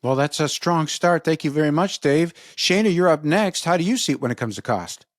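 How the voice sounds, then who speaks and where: A man with a somewhat high voice runs the panel and moves briskly from one category to the next. He keeps the tone light and jokes with his guests. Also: expressive, dry recording, studio quality. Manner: brisk, jokey banter with guests. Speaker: show host and referee. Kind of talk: hosting a panel show.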